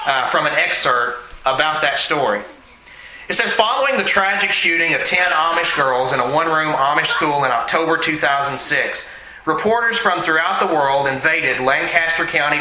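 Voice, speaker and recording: A man preaching a sermon in an earnest way, slowing down to stress his points. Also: fairly high pitch, pushed and bright, echoey room, poor audio. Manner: earnest, slows for emphasis.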